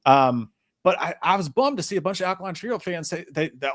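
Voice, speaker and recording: Speaking quickly in a fairly high voice, a male podcast co-host joins a live stream about movies. It's casual chat full of profanity, and he spins his stories with lively, animated energy.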